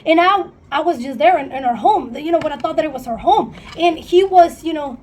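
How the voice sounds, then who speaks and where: A high-voiced woman talks straight to camera in a storytime vlog. She is candid and emotional, swears freely, and darts into quick asides while she tells a painful breakup story. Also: animated, darkish tone. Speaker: vlogger. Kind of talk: storytime monologue.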